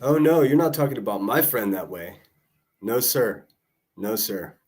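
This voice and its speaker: A man's voice: lowish voice, animated, measured pace, a little mellow, husky. A man hosting a livestream, talking casually and mocking people with profane insults. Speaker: livestream host.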